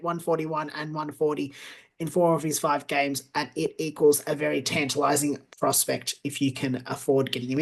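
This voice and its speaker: A man co-hosting a fantasy football podcast. He reads through scores and prices in steady, orderly runs. He breaks into easy laughter when the banter turns silly. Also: fairly high pitch, vocal fry. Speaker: podcast co-host.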